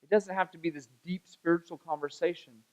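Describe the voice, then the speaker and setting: Animated high-voiced man preaching. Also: fairly quick, highs cut off. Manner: animated, chatty, acts out quoted voices. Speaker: pastor. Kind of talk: storytelling sermon. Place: church sanctuary.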